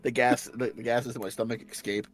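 A man's voice: medium pitch, level tone, brisk, soft background music. A man with a slight Southern US accent, chatting casually on a stream and rambling, with restarts and casual swearing. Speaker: stream guest. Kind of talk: casual chat.

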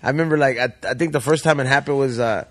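A man, hosting a podcast and telling stories in quick, profane, slang-heavy chat. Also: mid-range voice. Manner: fast, slangy, profane chatter. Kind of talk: casual chat.

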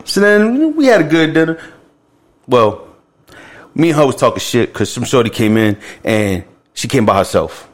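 A man's voice: medium pitch, animated, moderate pace, long pauses. A man co-hosting a podcast, telling a long story in a loose, profane, laughing way among friends. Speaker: podcast co-host.

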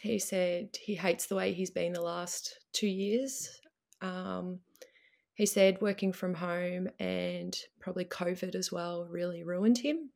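A woman with an Australian accent, telling a personal story in a hesitant way, with many pauses and ums. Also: lowish voice, steady tone, gravelly, darkish tone. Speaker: guest.

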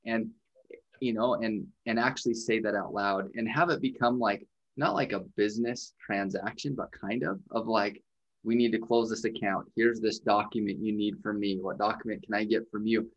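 Man, podcast host, thoughtful, low-pitched, searching phrasing. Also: fairly even intonation, normal speed, muffled recording. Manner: thoughtful, many fillers. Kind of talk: reflective conversation.

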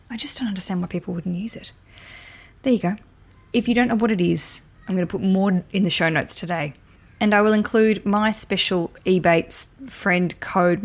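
Chatty woman podcast host. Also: lowish voice. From Australia. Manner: chatty, animated, gets worked up and ranty. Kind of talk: casual solo podcast talk.

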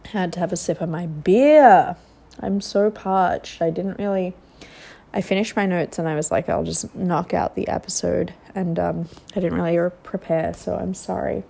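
A young woman with a fairly low voice talks through a reality show recap in loose, casual chat. She is gossipy and chatty, with exasperated asides. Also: moderate pace, vocal fry, warm tone.

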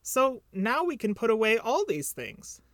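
Male reader doing small timid piglet, high squeak, storybook, dry sound. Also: wildly swooping pitch, unhurried, fairly bright tone, no echo, full character voice. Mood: excited.

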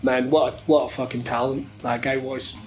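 A man's voice: medium pitch, little pitch movement, moderate pace, a little mellow, faint music behind, poor audio. A man who works as a wrestling commentator, chatting casually and rambling, often swearing and laughing. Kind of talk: casual podcast interview.

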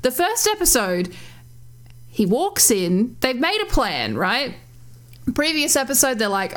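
Animated swearing woman podcast co-host. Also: high-pitched, unhurried. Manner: animated, swearing, laughing, acting out quotes. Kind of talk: casual chat.

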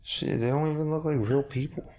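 A man's voice: fairly high pitch, fairly even intonation, a little fast, mellow. A young man from Maryland co-hosting a podcast in casual chat, skeptical and teasing, with plenty of swearing. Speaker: podcast co-host.

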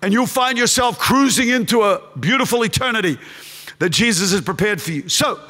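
Impassioned pastor, bright high voice. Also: male voice, a little fast. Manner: impassioned, rises to shouting then drops to hushed storytelling. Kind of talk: sermon. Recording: long hall reverb.

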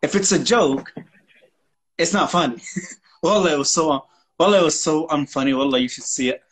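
Poor audio carries a man's somewhat high voice at a moderate pace. An English teacher co-hosting a casual podcast, he jokes around, swears, and pokes fun at accents.

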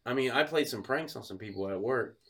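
A man's voice: medium pitch, fairly quick, background noise. A man telling a funny story in casual podcast chat, often breaking into laughter. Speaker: podcast co-host.

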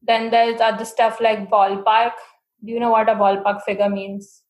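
A woman's voice: fairly high pitch, level tone, moderate pace. Giggly woman from India in a roomy space. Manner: giggly, chatty. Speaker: podcast co-host. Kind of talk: casual chat.

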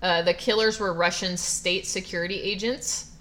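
A woman's voice: fairly low pitch, steady tone, normal speed, bright, forceful tone. A woman co-hosting a podcast, telling a story in a wry, matter-of-fact way. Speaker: podcast co-host. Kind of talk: casual chat.

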